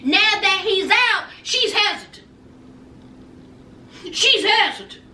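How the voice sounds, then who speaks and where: A woman delivers a sassy, gossipy TV recap in a very high, piercingly bright voice. She is off-mic in a roomy, echoing space with faint noise underneath. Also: lively intonation, takes it slowly, distant mic. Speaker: recap vlogger. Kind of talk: reality TV recap commentary.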